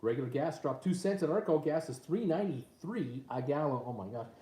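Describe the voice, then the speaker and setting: Speaking a little fast in a fairly high, mellow, animated voice, this man runs a relaxed home live stream from his tablet. Viewer comments get read out loud, peppered with lots of ums and uhs. It's captured on the tablet mic, and the room echoes.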